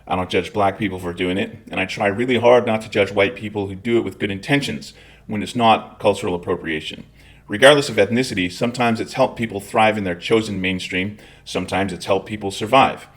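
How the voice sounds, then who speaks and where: A low-voiced man from Scotland, a military veteran, hosts a scripted commentary rant. He lectures his audience bluntly and swears freely as he drives his points home. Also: fairly quick.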